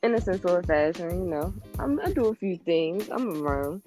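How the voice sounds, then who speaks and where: A woman's voice: lowish voice, lively intonation, normal speed, mellow, faint music behind. A woman in her twenties from Washington, D.C. with a D.C. accent, a podcast guest chatting casually in a laid-back, slangy way and laughing often. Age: 20s.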